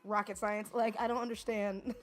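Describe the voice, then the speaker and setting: A woman's voice: mid-range voice, little pitch movement, soft background music. A young woman co-hosting a podcast, joking wryly in casual chat. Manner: wry, joking, quick to laugh. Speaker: podcast co-host.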